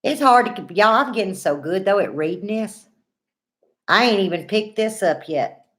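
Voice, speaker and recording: A woman's voice: mid-range voice, animated, normal speed. A woman, in her forties, hosting a casual livestream, chatting folksy and greeting viewers by name while reading comments. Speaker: livestream host.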